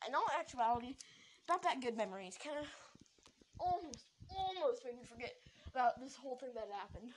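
Young-sounding high woman, casual rambling storyteller, excitable, faint background noise. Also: low-quality recording. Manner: rambling, excited, many restarts.

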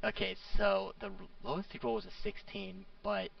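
A man running a tabletop game as game master, playful and quick to laugh. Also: high voice, completely flat delivery, gravelly, recorded from a distance, muffled recording, crowd noise.

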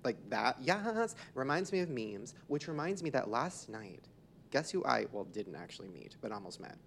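A young man hosting a podcast, telling gossipy stories in an excitable, casual way with a lot of swearing. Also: medium pitch, moderate pace, slight background noise. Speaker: podcast host.

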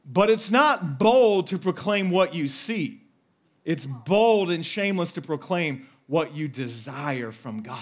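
A man's voice: fairly high pitch, expressive, unhurried. A man in his forties preaching a sermon as pastor, emphatic and repeating key phrases for effect.

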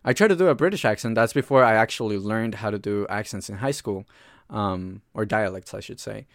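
A man's voice: on the low side, a little fast, no room sound. A man from Colombia with a Colombian accent, co-hosting a podcast in casual, dry banter. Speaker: podcast co-host.

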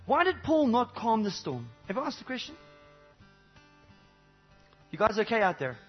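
A man preaching a sermon to a congregation, animated, swinging between loud exclamations and low intimate asides, with many rhetorical questions. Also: moderate pace, husky, dull audio, faint music behind. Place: church service before a congregation.

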